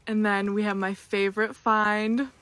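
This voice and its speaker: A woman excitedly showing off her finds in an unboxing. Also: medium pitch, moderate pace, slight background noise. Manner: excitable, squealing. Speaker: unboxing video creator. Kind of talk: casual unboxing chat.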